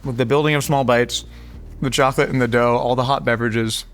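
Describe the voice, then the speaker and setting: Dry, joking food-show host. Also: male voice, mid-range voice, steady tone, brisk, a bit bright, soft background music. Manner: dry, jokey presentation. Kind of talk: hosted food show banter. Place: studio kitchen.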